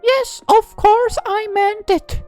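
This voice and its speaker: A man voicing a stubborn, hot-headed young woman in a story reading, talking in a loud, high, teasing and excitable way. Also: slow, faint music behind. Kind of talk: audio drama reading.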